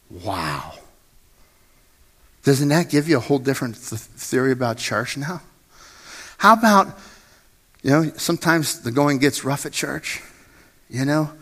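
Bright-voiced man preaching a sermon. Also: fairly high pitch, sing-song, unhurried, long pauses, husky. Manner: earnest, repeats phrases, asks the congregation to say lines with him. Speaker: pastor. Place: church sanctuary. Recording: long hall reverb with faint music.

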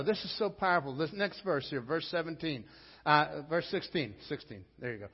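Male pastor, fairly high voice, emphatic conversational preaching; muffled lo-fi sound with long hall reverb. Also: lively intonation, moderate pace, breathy edge. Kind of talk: sermon.

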